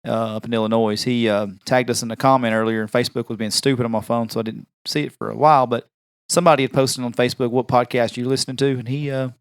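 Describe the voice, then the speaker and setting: A man's voice: mid-range voice, flat delivery, quick pace, clean tone, no room sound, clean studio sound. A man with a country accent co-hosting a casual podcast chat, joking and laughing at himself. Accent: rural country accent. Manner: joking, self-mocking, laughs often. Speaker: podcast co-host.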